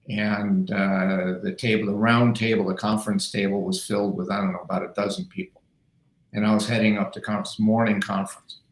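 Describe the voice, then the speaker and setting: A middle-aged man hosting a podcast, telling stories in a casual, animated and emphatic way. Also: on the low side. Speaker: podcast host, doctor. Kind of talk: casual chat, storytelling. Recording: echoey room.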